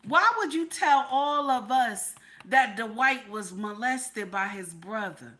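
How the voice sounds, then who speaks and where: A woman's voice: on the high side, lively intonation, slow pace, sharp tone. A woman hosting a livestream, reacting to a story in heated commentary, repeating her questions and swearing freely.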